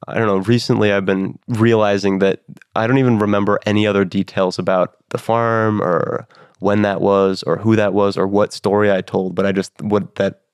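A man's voice: on the low side, steady tone, moderate pace, creaky, no echo, studio quality. A young man in his twenties, a comedian and guest, talking casually in a rambling, self-deprecating way with many fillers. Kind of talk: casual interview talk.

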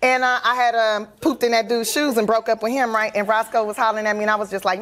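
A woman guest telling comic stories from her life, animated and laughing, acting out the people in them. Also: on the high side, fast, few pauses. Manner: animated, laughing, acts out other voices. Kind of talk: comic storytelling in conversation.

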